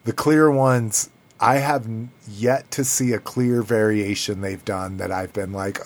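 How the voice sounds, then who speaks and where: A man hosts a podcast in easygoing chat. He talks slowly in a slightly low voice and drops casual swearing into his banter. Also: fairly even intonation. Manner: loose, swearing, laughing banter. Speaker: podcast host.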